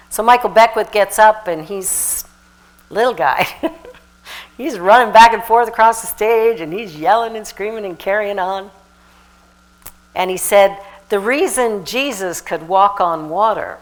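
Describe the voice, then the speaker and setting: Brief: woman minister, mid-pitched, energetic preaching with loud exhortations. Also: a little slow, low-quality recording. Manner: lively, animated preaching with sudden shouted exhortations and laughter. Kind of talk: sermon.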